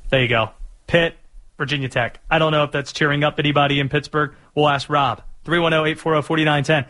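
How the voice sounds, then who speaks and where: A man hosts a sports talk radio show, with a voice pitched notably high for a man. He is energetic and opinionated, and hypes up the matchup with relish. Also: fast talker.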